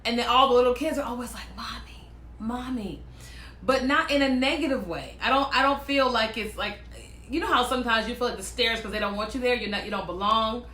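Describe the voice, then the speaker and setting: A woman chatting casually and telling personal stories, animated and quick to act out what other people said. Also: on the high side, reverberant. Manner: animated, acts out quoted voices, laughs often. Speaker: speaker sharing personal stories. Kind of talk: casual storytelling monologue.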